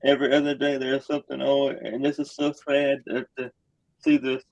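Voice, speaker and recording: A man calling into a live chat room, emotional, halting and apologetic with many uhs. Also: medium pitch, little pitch movement, gravelly, a little mellow, dry recording. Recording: dull dry lo-fi call audio.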